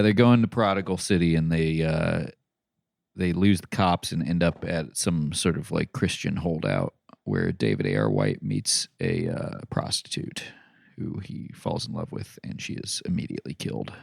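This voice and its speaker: A man co-hosting a podcast, chatting casually in a laid-back, halting way with lots of fillers. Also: very deep voice, gravelly, no echo, studio quality. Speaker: podcast co-host.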